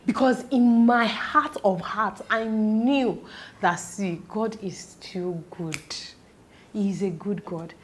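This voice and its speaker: Tearful woman, halting and emotional. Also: medium pitch, slight background noise. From Nigeria. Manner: tearful, halting, fighting back tears. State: close to crying. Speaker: vlogger. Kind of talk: emotional personal vlog.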